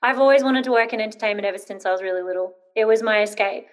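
A woman's voice: medium pitch, racing. Hesitant woman telling a personal story. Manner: hesitant, many ums, rambling when nervous. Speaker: interview guest.

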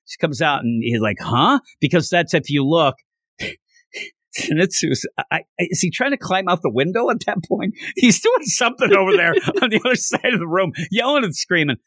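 A man co-hosting a casual podcast talk, his voice sitting a touch high and swinging widely as he gets carried away. He laughs often and slips into acted-out lines, all recorded dry and close with no room sound. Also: moderate pace, no room sound. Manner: animated, laughing, acts out character lines. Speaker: podcast co-host.

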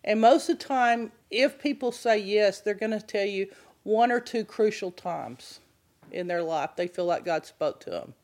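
A woman's voice: medium pitch, expressive, a little slow, darkish tone. A woman giving a conversational Bible teaching and asking her listeners questions. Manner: conversational, asks the audience questions.

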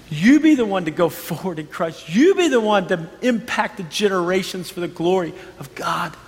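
Pastor, man in his thirties, higher voice, earnest storyteller, preaching in a reverberant hall. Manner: earnest storytelling, emphatic repetition. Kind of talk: sermon.

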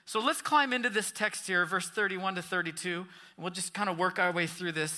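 A man's voice: high voice, fairly quick, few pauses, pushed and bright. A man pastor preaching a sermon, reading scripture and asking questions of the congregation with emphatic rises and falls.

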